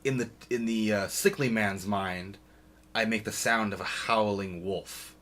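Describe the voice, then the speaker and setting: A man playing a tabletop game, speaking in a hesitant, halting way. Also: lowish voice, fairly even intonation, fairly bright tone, slight background noise. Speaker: player. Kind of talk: casual tabletop play.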